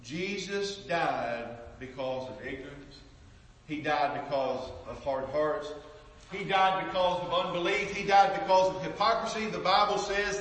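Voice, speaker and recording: Fervent high-voiced preacher in a hall. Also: male voice, a little slow, a little hiss or hum. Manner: passionate, repeats words, swings from loud to hushed. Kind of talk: sermon. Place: church sanctuary. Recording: echoey hall from far off.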